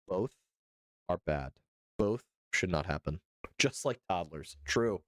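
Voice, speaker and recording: A man's voice: low voice, expressive, takes it slowly, pauses often, a bit bright, no room sound, clean studio sound. A man livestreaming casual commentary, reading chat and talking it through in a hesitant way that repeats itself and swears freely. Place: home streaming setup.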